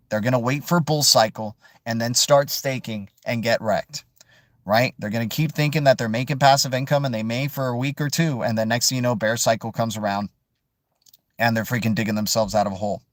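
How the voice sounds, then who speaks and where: A man's voice: mid-range voice, a little fast, no echo, studio quality. A man hosting a casual live chat stream, rambling and joking with viewers and calling them "dude" and "man". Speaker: crypto livestream host.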